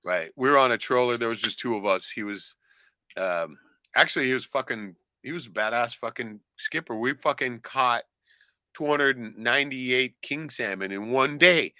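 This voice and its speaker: A man's voice: fairly low pitch, dry recording. A man chatting casually as a podcast host, swearing freely and breaking into laughter as he tells stories. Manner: animated, profane, laughs often. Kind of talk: casual chat.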